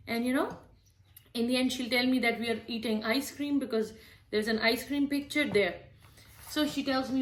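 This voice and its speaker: A woman's voice: high voice, moderate pace, a bit bright. A young mother giving friendly, explanatory tips on reading to small children in a casual way, with some fillers. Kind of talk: casual instructional talk showing books. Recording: roomy echo.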